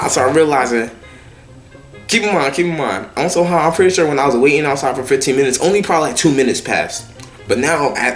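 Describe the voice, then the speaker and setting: A man's voice: mid-range voice, fairly bright tone. A young man telling a personal story in a casual, profane monologue, full of slang and stumbling restarts. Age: young adult.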